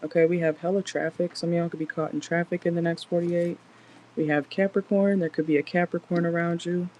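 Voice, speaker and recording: A woman's voice: fairly low pitch, level tone, a little fast, a little mellow, slight background noise, low-quality recording. A woman doing a casual tarot reading in a car, chatty and blunt, swearing freely as she talks to viewers. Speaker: tarot reader.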